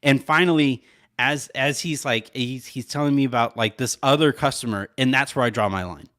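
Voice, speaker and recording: A man's voice: medium pitch, normal speed, a bit bright. Rambling man telling a story. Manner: rambling, lots of "like", laughs often. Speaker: podcast co-host. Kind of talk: casual chat, storytelling.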